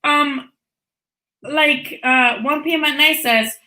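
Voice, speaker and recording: A woman's voice: high voice, slow, pushed and bright, roomy sound, poor audio. A woman in her thirties hosting a live boxing talk stream, chatting casually and bluntly, swearing freely and laughing often.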